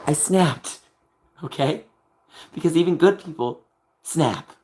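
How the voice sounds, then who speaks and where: A man streaming live, venting in an emotional rant that swings from low muttering to a raised voice. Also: slow, darkish tone, a little hiss or hum.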